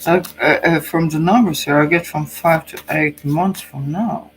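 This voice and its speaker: A man's voice: fairly high pitch, normal speed, background noise. A Norwegian man with a cold, speaking English as a second language, who muses hesitantly and thinks aloud while giving a tarot card reading. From Norway. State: has a cold. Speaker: psychic channel host.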